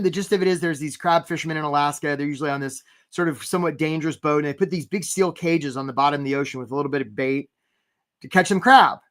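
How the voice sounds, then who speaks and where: A man coaching job seekers in a live webinar, animated and talking straight to viewers by name, acting out little scenes in quoted voices. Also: fairly high pitch. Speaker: career coach.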